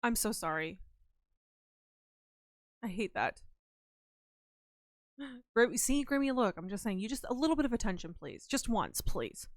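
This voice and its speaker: A woman's voice: a little high, big pitch swings, moderate pace, pauses often, no room sound, studio quality. A young woman livestreaming, chatting casually and playfully with her viewers in a rambling way. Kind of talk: casual chat with live viewers.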